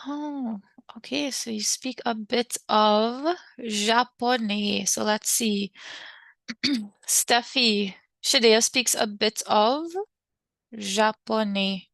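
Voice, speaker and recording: A woman's voice: on the high side, slow pace, gravelly, fairly bright tone, no echo. A woman teaching an online French class, encouraging her students and mixing English with French phrases.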